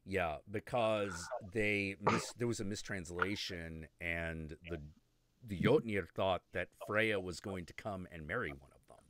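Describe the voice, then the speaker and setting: A man's voice: low voice, unhurried, a bit bright. A man in casual chat, animatedly retelling a video game story and acting out the characters, swearing freely.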